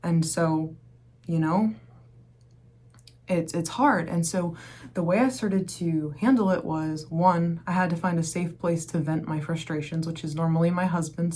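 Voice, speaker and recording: A young mom vlogger with a low, darkish voice talks candidly in a casual faith-based vlog. She rambles a lot and leans heavily on fillers.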